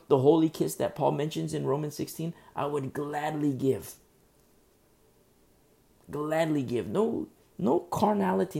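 A man's voice: a little high, vocal fry, mellow. A man preaching a sermon as pastor, emphatic and repetitive, often restarting his sentences.

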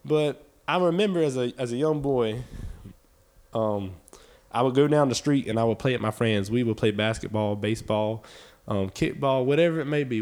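Preaching to his congregation in a mid-range, darkish voice, this man grows more intense with each repeated phrase. His delivery is impassioned and folksy, with plenty of repetition and "y'all."

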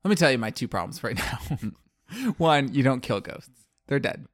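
A man co-hosting a podcast in casual chat, skeptical and quick to laugh. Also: mid-range voice, animated, dry recording. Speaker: podcast co-host.

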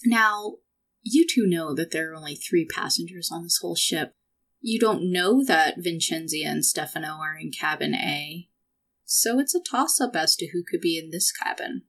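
A woman's voice: on the low side, expressive, moderate pace, fairly bright tone. A woman narrating as game master, playful and giggly, tossing in sound effects.

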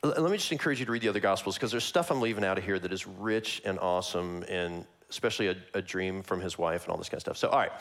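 A man preaching a sermon, walking through a Bible passage verse by verse in a conversational, animated way that acts out the characters. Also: low-pitched, fast talker, hardly any pauses.

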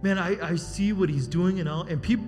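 A male pastor preaching a sermon in a church, shouting and calling out for amens from the congregation. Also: high-pitched, fairly quick. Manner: shouting, call-and-response "amen?". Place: church sanctuary. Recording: reverberant hall with music.

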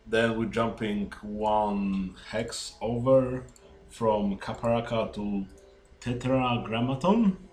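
A man's voice: lowish voice, slow, darkish tone. A man casually playing a tabletop game, chatty and upbeat. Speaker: player. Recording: roomy room with faint hiss.

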